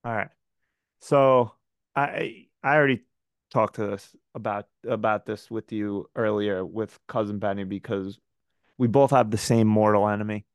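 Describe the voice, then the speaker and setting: A man's voice: fairly low pitch, steady tone, normal speed, clear, resonant tone, no room sound, dull audio. A man co-hosting a podcast, ranting in casual chat, rambling and swearing often. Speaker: podcast co-host.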